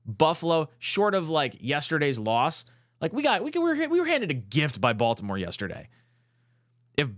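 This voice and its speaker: A young man hosting a casual fan talk show, reading out chat comments and getting fired up, swearing and nearly shouting at times. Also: mid-range voice, dry recording, clean studio sound. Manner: excitable, swearing, rising to near shouts when fired up. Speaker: podcast host.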